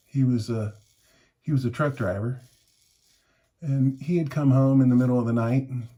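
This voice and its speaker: In a laid-back shaving vlog, a man in his fifties chuckles and rambles through a story while reviewing his gear. He speaks at a moderate pace in a medium-pitched, dark-toned voice.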